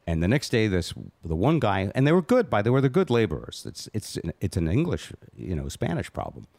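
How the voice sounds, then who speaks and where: A man's voice: fairly low pitch, huge pitch swings, a little fast, gravelly, a little mellow. A man hosting a casual podcast chat, telling a long rambling story and poking fun at himself. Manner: rambling, self-mocking storyteller. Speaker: host.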